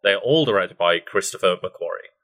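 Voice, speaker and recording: A man co-hosting a casual podcast chat, reading out film facts with frequent ums and pauses. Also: sits low, animated, a bit bright. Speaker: podcast co-host.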